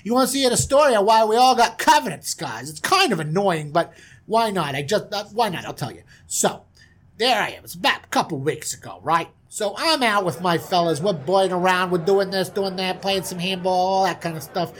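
A man's voice: high-pitched, lively intonation, brisk, a bit bright, voice pushed up. A man voicing a boastful young prince who talks like a mob boss, brash and schmoozing. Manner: brash, schmoozing, self-satisfied.

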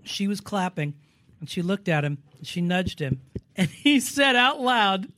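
A man in his sixties, a stage actor, telling animated stories in a casual interview and acting out the voices of people he quotes. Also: high-pitched, measured pace. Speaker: guest actor.

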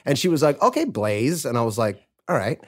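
Storytelling podcast man with lively pitch. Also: quick pace. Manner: storytelling, swears freely, acts out quotes. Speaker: podcast host. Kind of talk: casual podcast banter.

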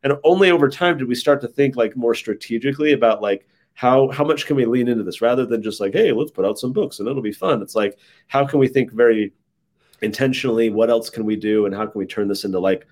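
A man guesting on an interview show, telling stories in a relaxed, casual way with lots of "like" fillers. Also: mid-range voice, fast talker. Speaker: interview guest, think tank head. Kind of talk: casual conversational storytelling.

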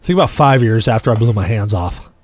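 A man hosting a casual podcast, telling a story with lively acted-out quotes. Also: on the low side, fast talker, no room sound. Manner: animated storyteller, acts out quotes loudly. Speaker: podcast host.

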